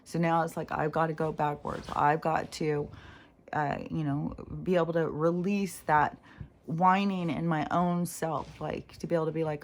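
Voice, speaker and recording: Low-voiced woman rambling in a vlog. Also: flat delivery, moderate pace. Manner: meandering, self-reflective, many fillers. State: runny nose. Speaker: spiritual vlogger. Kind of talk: casual rambling monologue.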